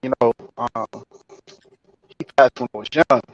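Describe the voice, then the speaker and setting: A man calling in to a live stream, speaking haltingly and reflectively with many fillers. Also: medium pitch, steady tone, dry recording. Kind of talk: casual call-in chat. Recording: dull, dry call audio.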